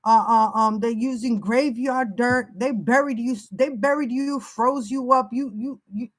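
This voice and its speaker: Older lady psychic reading, kinda high voice, emphatic, repeats herself a lot. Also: unhurried, rough recording. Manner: emphatic and warning, piling up repeated phrases. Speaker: spiritual reader. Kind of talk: unscripted spiritual reading to camera.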